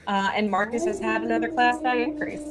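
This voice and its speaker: A woman game master narrating a tabletop game in a brisk, chatty way. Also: a little high, over loud music.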